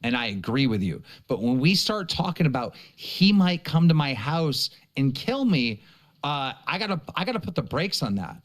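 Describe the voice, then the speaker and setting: A man's voice: a little high, big pitch swings, normal speed. A man hosting a livestream, insisting on his point while repeatedly apologizing. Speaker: livestream host. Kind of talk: livestream commentary.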